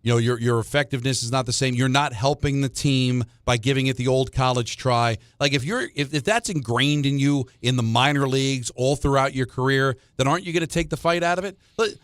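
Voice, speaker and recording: A man's voice: mid-range voice, fairly quick, hardly any pauses, smooth, no echo. A man co-hosting sports talk radio, telling stories with lots of restarts and repeated words. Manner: animated storyteller, repeats words when starting.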